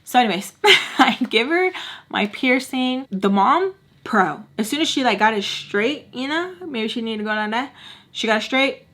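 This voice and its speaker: A woman's voice: a little high, lively intonation, normal speed, pushed and bright. A woman casually telling a story to her viewers as a vlogger, with lots of filler words, acting out the people in it. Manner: chatty, heavy on filler words.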